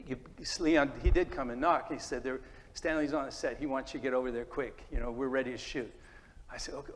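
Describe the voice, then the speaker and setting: A man in his sixties telling a lively anecdote to an audience at a gallery talk, acting out the quotes and laughing often. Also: on the high side. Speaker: guest speaker. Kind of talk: live anecdote before an audience. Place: gallery exhibition talk, hall before an audience. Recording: echoey hall, noisy room.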